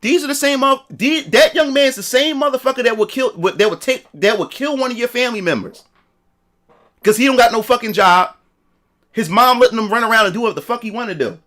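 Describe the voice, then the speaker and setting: A man's voice: extremely high pitch, a little fast, fairly bright tone. A man telling a story in a casual livestream rant, profane and repetitive. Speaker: streamer.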